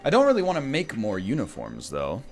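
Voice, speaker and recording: A man's voice: medium pitch, huge pitch swings, a little fast, soft background music. A man from Canada giving casual gameplay commentary as a streamer, rambling with joking asides. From Canada (Ontario).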